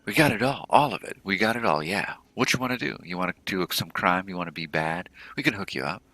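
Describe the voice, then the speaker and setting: A man voicing a jittery male orc drug dealer, pitched well above his own voice, with repetitive, hyped salesman patter. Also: fast, bright, forceful tone, no echo.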